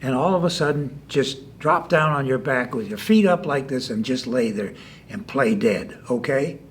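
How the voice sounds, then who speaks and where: A storyteller man voicing a clever male rabbit trickster in a folk tale, talking in a bright, confident, coaxing way. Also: mid-range voice, lively intonation, moderate pace, slight background noise, natural voice. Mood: sly.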